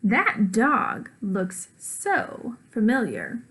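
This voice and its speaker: A woman teacher reading a children's storybook aloud, with lively character voices and dog woofs. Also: fairly high pitch, very slow, poor audio.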